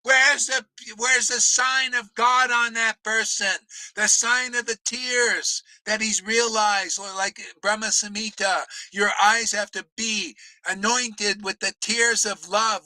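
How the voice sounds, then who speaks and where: A man delivers a fierce, profane spiritual rant, lurching between shouts and mocking asides. His voice sits high and cuts with a hard, piercing edge. The sound is close and dry, with no room around it. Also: no room sound, low-quality recording. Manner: profane, confrontational, often shouting; mocks others in put-on voices. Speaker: spiritual teacher. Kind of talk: impassioned preaching rant.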